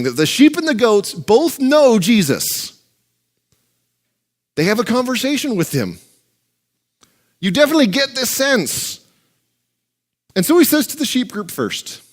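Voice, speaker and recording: A male pastor preaching a sermon in a joking, conversational way. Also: high-pitched.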